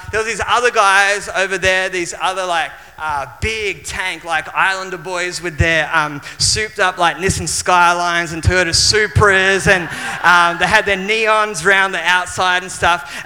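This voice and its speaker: An Australian man preaching in a church hall, his fairly high, very bright and piercing voice ringing out with a long reverb. He tells his story in an animated way, often restarting his sentences. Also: unhurried, few pauses, soft background music. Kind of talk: sermon with personal storytelling.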